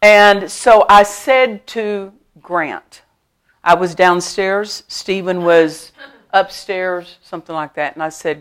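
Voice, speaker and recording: A middle-aged woman pastor preaching a sermon at a church service. She tells stories with lively emphasis, laughs often, and repeats her key phrases. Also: fairly low pitch, slow, clean tone. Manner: animated storytelling with frequent laughter.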